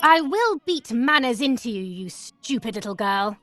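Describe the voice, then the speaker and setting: A cold, menacing mother scolds in a harsh, high voice that rises and falls widely. She talks slowly, with threat in every word. Faint music plays behind her. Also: big pitch swings, a bit bright. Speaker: game character. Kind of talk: video game voice acting.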